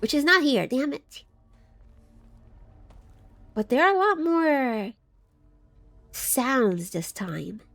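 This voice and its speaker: A woman streamer with a fairly high voice that swings widely up and down. She talks in a loose, scattered way and giggles often. She reads chat aloud while she plays. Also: lively intonation, slow pace, long pauses, fairly bright tone, faint music behind. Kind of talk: casual live game commentary.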